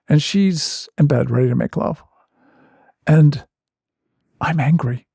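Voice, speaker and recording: Guy with a gravelly husky voice, therapist guest spinning a self-mocking story, dry close sound. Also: fairly high pitch, slow, long pauses, mellow, dry recording. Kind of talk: animated personal storytelling.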